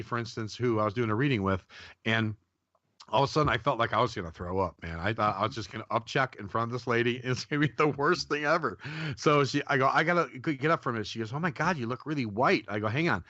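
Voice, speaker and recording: A man's voice: medium pitch, quick pace, bright, forceful tone, no room sound. A man, a psychic medium guest on a radio show, telling rambling anecdotes in casual talk and acting out the people he quotes. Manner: rambling, many restarts, acts out quotes. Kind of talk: casual radio interview storytelling. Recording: dull lo-fi radio audio, dry.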